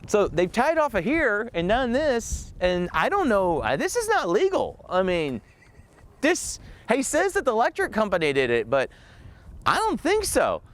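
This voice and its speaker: A man narrates a casual walk-through of his rental units. His voice sits on the high side and jumps around in pitch. He tells things like an animated story and laughs often. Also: a little slow. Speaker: real estate investor touring his property.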